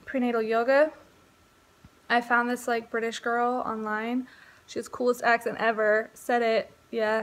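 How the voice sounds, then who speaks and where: Chatty young woman, higher voice. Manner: chatty, rambling, laughs often. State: pregnant. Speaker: vlogger. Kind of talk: casual chat.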